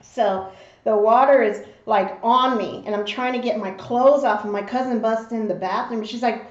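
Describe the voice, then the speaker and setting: Here an adult mother hosting a mukbang narrates a tale, voicing the people in it with lively gusto. Her pitch is on the high side and her speed normal, captured in a somewhat dull, roomy home recording.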